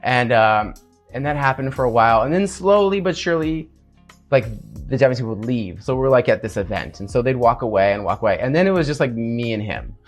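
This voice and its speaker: A man, a podcast guest telling a story in a lively, casual way, acting out other people in a high voice and laughing often. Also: fairly quick, soft background music. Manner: animated, acts out quotes in a high voice.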